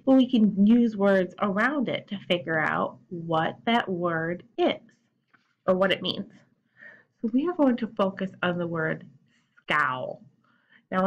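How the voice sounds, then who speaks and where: A young woman teacher walks young learners through a lesson, taking her time over each step in an unhurried, patient way. Her voice sits at an ordinary middle pitch. The recording sounds a little muffled and lo-fi. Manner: slow, patient, explaining step by step. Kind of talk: recorded classroom lesson for children.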